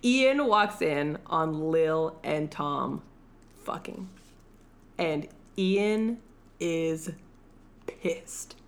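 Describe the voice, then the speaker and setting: Woman co-host, unhurried and expressive, profane and animated while recapping a movie. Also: sits low. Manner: animated, profane storytelling, acts out quotes in voices. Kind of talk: casual chat recapping a film.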